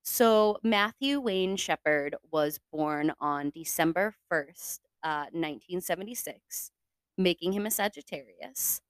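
A woman's voice: on the low side, unhurried, no echo. A young woman hosting a casual podcast, chatty and swearing freely, with lots of fillers. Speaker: podcast host. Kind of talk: casual true-crime podcast chat.

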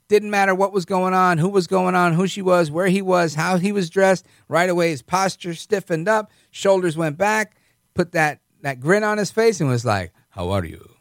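New guy doing a political rant show, high voice, sarcastic and mocky, dry close sound. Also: no room sound. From New York. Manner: sarcastic, mocking, conversational. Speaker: host. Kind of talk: political commentary monologue.

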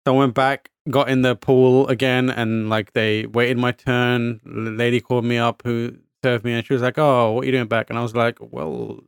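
A man's voice: medium pitch, moderate pace, few pauses, smooth, no room sound, studio quality. A man from the UK telling a story in a casual chat, acting out voices with lots of fillers and swearing. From United Kingdom. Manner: animated storyteller, acts out quoted voices, swears, frequent fillers. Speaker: podcast co-host telling a story.

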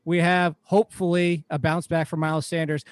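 A man's voice: on the high side, flat delivery, brisk, clean tone, dry recording. Chatty man, dry close sound. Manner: chatty, rambling, laughs easily. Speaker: podcast host. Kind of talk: casual fantasy football talk.

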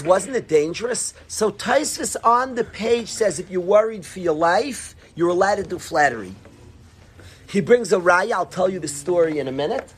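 A man teaches a Talmud class with a lively, swinging delivery and a slightly husky voice. He tells the stories with energy and mixes in Hebrew and Aramaic terms. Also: high-pitched. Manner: animated, storytelling, mixing Hebrew and Aramaic terms.

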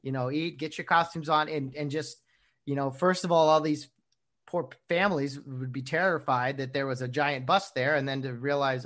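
A man's voice: medium pitch, moderate pace, a bit bright. A man hosting a casual interview, asking questions in an easygoing way and agreeing along. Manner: easygoing, laughs along, short agreeing replies.

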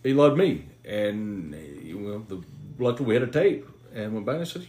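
A man's voice: lowish voice, very animated, moderate pace, darkish tone, a little hiss or hum. A man talking bluntly and emphatically as a guest in a casual podcast chat, swearing freely.

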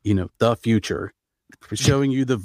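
A man's voice: medium pitch, moderate pace, no room sound, studio quality. A middle-aged man co-hosting a podcast, chatting casually about a movie, rambling and restarting his sentences. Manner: rambling, animated, self-interrupting. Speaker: podcast co-host. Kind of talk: casual movie review chat.

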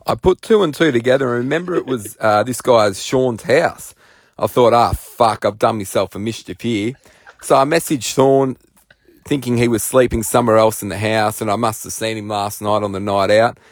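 A man's voice: mid-range voice, normal speed, no room sound, clean studio sound. A man with an Australian accent, calling in to tell a self-mocking story in a laid-back way. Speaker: caller. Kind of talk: storytelling voice message.

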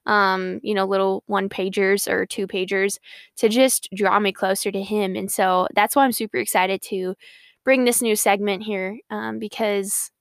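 A woman's voice: mid-range voice, fairly even intonation, moderate pace, creaky, no room sound, studio quality. A young woman hosting her faith podcast, talking in a bubbly, earnest, rambling way. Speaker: podcast host. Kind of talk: casual Christian podcast monologue.

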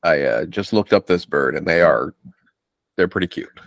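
A man's voice: deep voice, expressive, moderate pace, vocal fry, no room sound, clean studio sound. A man from the United States co-hosting a podcast in casual chat, with wry, sarcastic asides. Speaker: podcast co-host.

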